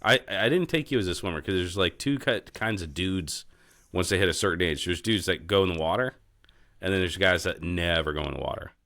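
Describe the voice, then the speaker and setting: A man's voice: low-pitched, brisk, a bit bright, dry recording, studio quality. A man co-hosting a podcast, chatting casually, swearing and saying dude a lot. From New England. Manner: swearing, laid-back, says dude a lot. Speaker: podcast co-host. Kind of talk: casual chat.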